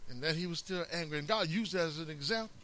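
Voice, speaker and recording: A man preaching a sermon, animated, calling out amen and acting out the scripture's lines. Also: on the high side, fast, a little hiss or hum. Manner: animated, calls amen, acts out quotes.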